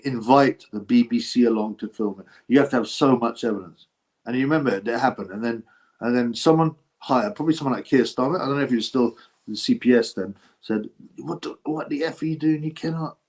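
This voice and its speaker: A man's voice: mid-range voice, a little mellow. A man hosting a boxing channel livestream, chatting loosely and answering viewer comments. He wanders between topics, asks himself questions and restarts his sentences.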